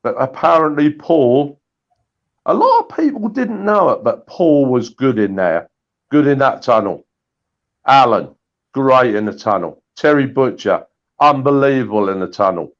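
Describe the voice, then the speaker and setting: Bloke telling old football stories, voice jumps all over, kinda muffled sound. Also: male voice, mid-range voice, unhurried. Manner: animated storytelling with repeated restarts. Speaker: guest storyteller. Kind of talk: anecdotal chat.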